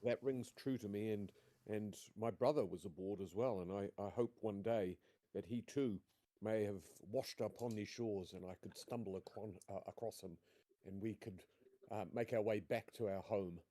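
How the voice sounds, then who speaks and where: A man role-playing his character in a tabletop game, polite and measured with small hesitations. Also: lowish voice, warm tone, no echo. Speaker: player.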